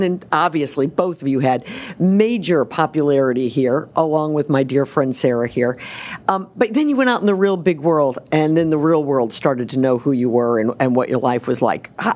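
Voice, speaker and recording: A woman's voice: low-pitched, sing-song, normal speed, a little mellow. A woman hosting an interview, asking questions with frequent encouraging reactions. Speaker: host.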